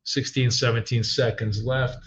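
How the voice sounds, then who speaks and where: A man's voice: medium pitch, level tone, unhurried, fairly bright tone, highs cut off. A middle-aged man hosting a live trading stream, chatting casually and rambling with many ums and restarts.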